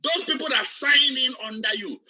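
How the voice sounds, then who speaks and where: A man's voice: extremely high pitch, normal speed, pushed and bright. Emphatic man preaching business. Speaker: business coach. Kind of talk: preaching motivational training. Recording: distant, dull lo-fi recording.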